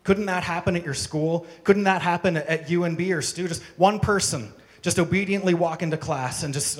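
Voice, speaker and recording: Guy preaching at church, kinda high voice, keeps firing off questions at the crowd. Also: a little fast, few pauses. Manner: emphatic, rhetorical questions. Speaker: pastor. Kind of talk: sermon. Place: church service with congregation.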